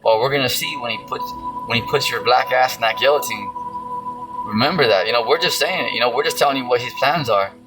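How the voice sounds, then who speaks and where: A man's voice: mid-range voice, quick pace, poor audio. Male preacher, loose and rambling, swears a lot, mid-range voice, music bed behind. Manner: rambling, heavy on fillers, profane. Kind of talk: casual sermon with scripture reading. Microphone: phone screen recording.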